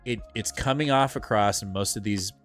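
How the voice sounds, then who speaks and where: A man co-hosting a live comic book show, talking in a rambling, excitable way with lots of filler words and casual swearing. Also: on the low side, normal speed, soft background music. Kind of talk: casual live-stream chat.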